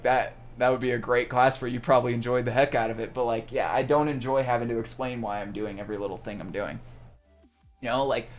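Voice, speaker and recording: A young man streaming live, talking casually while ranting in an exasperated way and often breaking off and restarting his sentences. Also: on the high side. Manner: ranting, exasperated, self-interrupting.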